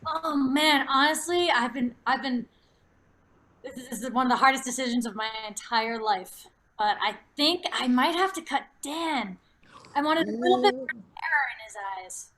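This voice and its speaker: Woman, improv player as judge; mock-dramatic, higher pitch. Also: normal speed, a bit bright. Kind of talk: improv comedy.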